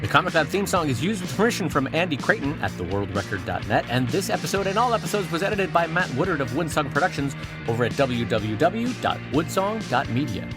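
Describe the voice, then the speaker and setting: A man co-hosting a podcast, chatting in a playful, animated way. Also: a little high, quick pace, over music. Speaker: podcast co-host. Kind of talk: casual chat.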